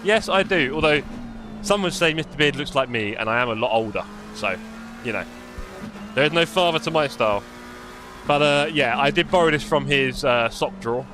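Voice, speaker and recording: A man's voice: mid-range voice, normal speed, noisy background. A man, live-streaming a sim race with chatty, jokey commentary and muttering while he adjusts his car setup.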